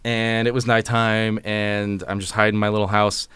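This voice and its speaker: A man hosting a podcast who tells a gaming story in a casual, animated way, with lots of swearing and filler words. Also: on the low side, normal speed, clear, resonant tone, no room sound. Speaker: podcast host.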